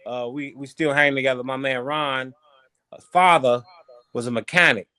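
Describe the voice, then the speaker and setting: A man from Chicago tells life stories as a podcast guest, slangy and animated, with swearing dropped in. His voice is bright and forceful at an ordinary pitch. The sound is close and dry. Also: moderate pace, clean tone, no echo. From Chicago, USA. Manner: animated storyteller, loose slangy talk with swearing. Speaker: podcast guest, former boxer. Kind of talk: casual storytelling interview.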